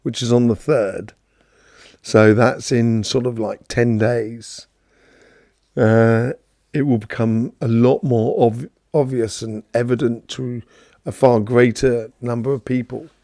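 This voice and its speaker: Gravelly, mellow man, rambling chat. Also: mid-range voice, fairly even intonation, slow pace, dry recording, studio quality. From London, England. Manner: rambling, chatty, greets viewers by name, many fillers. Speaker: host of a live Q&A stream. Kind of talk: casual spiritual talk answering viewers.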